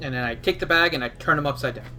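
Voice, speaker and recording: A man's voice: on the high side, very fast, soft background music. A man playing a tabletop game, talking eagerly in character. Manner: eager, animated in-character speech. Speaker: player.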